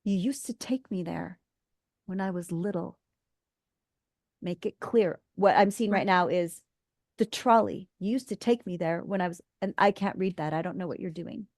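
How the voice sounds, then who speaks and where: A woman's voice: lowish voice, moderate pace, darkish tone, no echo, studio quality. Direct woman acting coach. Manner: direct, instructive. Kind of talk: class feedback.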